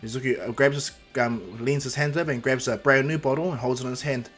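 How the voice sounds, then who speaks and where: A man's voice: mid-range voice, fast talker, a bit bright, faint music behind. A man casually narrating a fan-made superhero story, rambling with fillers and restarts.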